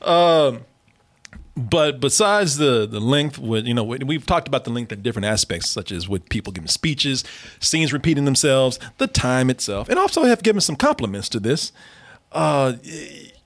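A man's voice: mid-range voice, sing-song, normal speed. An American man hosting a casual, profane comedy podcast, laughing often. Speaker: podcast host reviewing a series.

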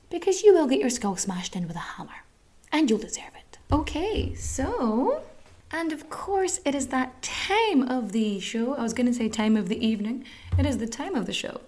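Irish woman podcaster, kinda high but mellow voice, chatty, swears a lot. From Ireland. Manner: chatty and candid, swearing freely. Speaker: podcast host. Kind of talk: casual chat.

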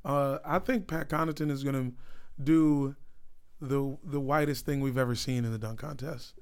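A man's voice: medium pitch, moderate pace, smooth. A young man co-hosting a podcast, chatting casually with friends, joking and swearing a lot. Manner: profane, joking, animated. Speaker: podcast co-host. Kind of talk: casual chat.

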